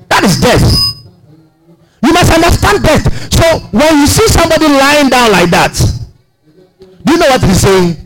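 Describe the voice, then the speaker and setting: A man preaching a sermon, emphatic, often asking the congregation questions. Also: poor audio. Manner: emphatic, asks the congregation questions, big swings in pitch.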